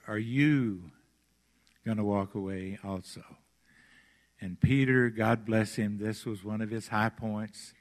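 A pastor delivers a sermon in an unhurried, deliberate way, leaning on key words as he retells scripture. His voice sits in a middle register for a man. The sound rings with the long reverb of a church hall. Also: medium pitch, fairly bright tone. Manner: slow, emphatic storytelling preaching.

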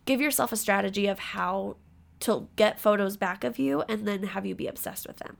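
Bubbly woman with a gravelly edge. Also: medium pitch. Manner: bubbly, giggly, talks in quick bursts. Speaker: podcast guest. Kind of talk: casual podcast chat.

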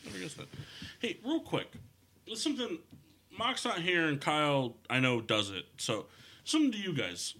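A man hosting a casual podcast chat with a bright, sharp voice that swings widely in pitch. He is crude and joking and keeps steering the conversation. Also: sing-song, normal speed. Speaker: podcast host. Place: studio.

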